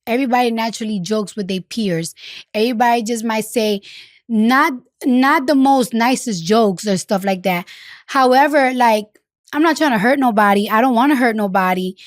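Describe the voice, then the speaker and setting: A woman's voice: a little high, no room sound, clean studio sound. A woman, speaking frankly in an interview, cursing freely and filling her talk with "like.". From the Bronx, New York. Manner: blunt, frank, swears freely, many fillers. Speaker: interview guest. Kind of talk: candid conversational interview.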